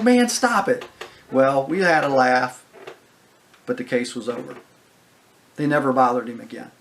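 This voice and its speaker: A man casually telling a personal anecdote, talking it through with fillers, restarts and quoted back-and-forth dialogue. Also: mid-range voice. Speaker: guest speaker. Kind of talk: casual storytelling.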